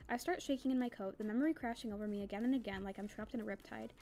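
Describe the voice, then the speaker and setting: A woman reading a novel aloud in a soft, quiet, subdued way. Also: on the high side, rapid-fire. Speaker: audiobook reader.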